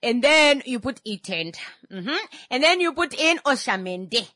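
Woman, radio host, teasing and preachy, fairly high voice, dry studio sound. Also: a little slow, dry recording. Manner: animated, teasing, preachy, laughs often. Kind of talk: radio talk show monologue.

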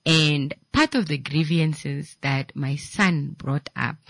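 A woman chatting casually, animated and laughing often as she mimics her children shouting. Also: low voice, slow, gravelly, dry recording. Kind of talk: casual chat.

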